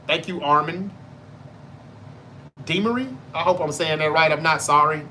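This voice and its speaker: A man with a Southern Mississippi drawl chats loosely through a live sports stream, reading viewer comments aloud and answering each one. His voice sits a bit high and comes across bright and forceful. A faint hum of room ambience runs underneath. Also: normal speed. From North Mississippi, US. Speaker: podcast host reading live chat. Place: home in Memphis, Tennessee.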